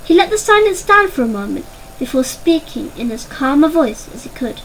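A woman narrating a children's storybook in an expressive, dramatic way. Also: high voice, moderate pace, a little hiss or hum, rough recording.

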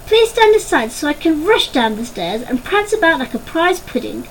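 A woman's voice: sits high, sing-song, normal speed, slight background noise, voice pushed up, rough recording. A woman voicing a young boy rabbit who is dreamy, sulky and a bit sarcastic. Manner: petulant, sarcastic.

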